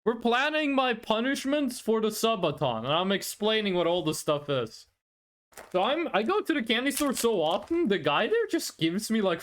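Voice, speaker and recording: Mid-range in voice, a VTuber streamer jokes around casually with viewers live and laughs often.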